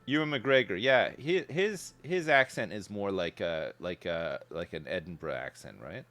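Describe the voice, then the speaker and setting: Streaming from home, this thirtysomething gamer rambles chattily between thoughts, responding to chat and cursing casually as he plays. His low voice is a bit bright, with lively intonation at a normal speed.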